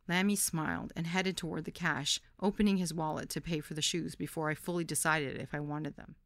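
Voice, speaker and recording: A woman's voice: sits low, fairly even intonation, fairly quick, few pauses, dry recording, studio quality. A woman podcast host reading a candid first-person memoir story.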